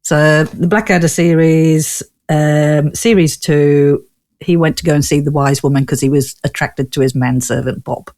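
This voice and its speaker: A woman's voice: deep voice, steady tone, moderate pace, a little mellow. Chatty woman guest with a northern English accent; laughs a lot and rambles through stories. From Newcastle, England. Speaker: guest, ghost tour owner. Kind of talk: casual interview chat.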